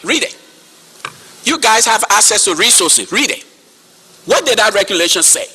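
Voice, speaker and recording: A man in his fifties with a Liberian accent giving impassioned public testimony, forceful and repeating key words for emphasis. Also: high voice, big pitch swings, normal speed, husky. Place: hall.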